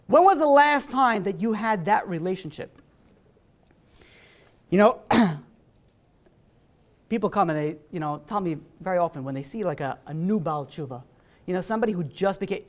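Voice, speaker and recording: A man, a rabbi giving a holiday sermon in a synagogue, telling stories and acting out the people in them in a loose, conversational way with frequent fillers. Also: very high-pitched. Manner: animated storyteller, voicing characters in dialogue. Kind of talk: holiday sermon with acted-out anecdotes.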